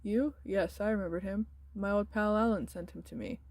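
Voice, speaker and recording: A woman voicing a friendly middle-aged male Greek restaurant owner with a Greek accent, speaking softly and easily in a game. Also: mid-range voice, normal speed, no echo, natural voice.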